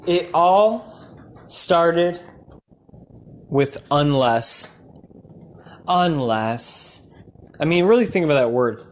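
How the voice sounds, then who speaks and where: Guy doing standup, kinda high voice, rambly, gets loud and ranty. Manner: rambling, bursts into shouty rants. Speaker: comedian. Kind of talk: stand-up comedy.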